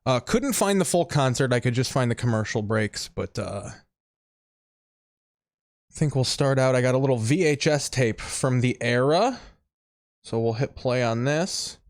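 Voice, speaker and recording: A man's voice: medium pitch, expressive, unhurried, dry recording, clean studio sound. A man hosting a podcast, giving crude, sarcastic commentary on an old tape. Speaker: podcast host. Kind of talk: casual commentary.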